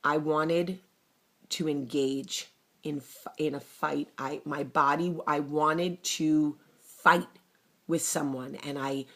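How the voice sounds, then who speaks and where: A woman, telling a personal story to camera in a blunt, fiery, animated way. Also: sits low, slow. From New Jersey. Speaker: vlogger. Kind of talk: casual talk to camera.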